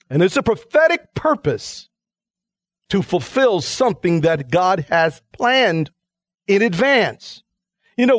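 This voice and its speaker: A male pastor delivers a radio sermon with strong emphasis, swinging his voice up and down as he makes each point. His voice sits a little high for a man and sounds close and dry, with no room around it. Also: no room sound. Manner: emphatic, dramatic preacher, acts out quoted lines.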